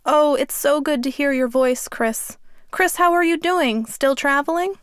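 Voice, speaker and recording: A woman voicing a frail elderly grandfather who talks slowly and in a muffled way while crying. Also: very high-pitched, fairly bright tone, dry recording, clean studio sound, pitched above the performer's own voice. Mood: warm. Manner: slow, muffled speech.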